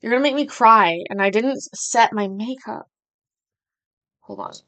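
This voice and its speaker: A woman's voice: fairly high pitch, normal speed, pushed and bright. A woman hosting a casual livestream from home, chatty and rambling, with self-deprecating asides. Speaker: host.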